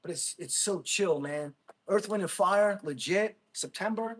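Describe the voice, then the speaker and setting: A man in his thirties rambles happily to his livestream viewers, jumping from topic to topic and laughing often. His voice sits fairly high, and he keeps turning to the chat with questions. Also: measured pace. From Jersey City, USA. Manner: rambling, excitable, laughs a lot, talks to chat. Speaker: livestream host, Marine veteran.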